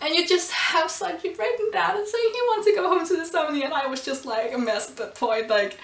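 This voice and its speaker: A woman's voice: sits high, brisk, a bit bright. Gushing woman reviewer, roomy and distant. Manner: gushing and emotional, with frequent ums and laughs. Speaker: anime and manga reviewer. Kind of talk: casual video review.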